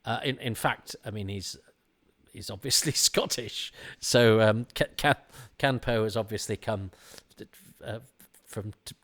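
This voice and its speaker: A man's voice: lowish voice, unhurried, a bit bright. A man giving casual commentary on an old TV episode, rambling and often restarting his sentences. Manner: rambling and self-interrupting, frequent restarts.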